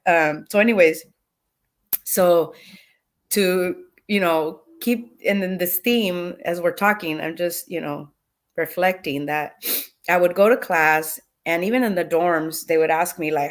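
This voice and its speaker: A woman's voice: fairly low pitch, a little slow. A middle-aged woman guest on a podcast, telling an emotional personal story with animation. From California.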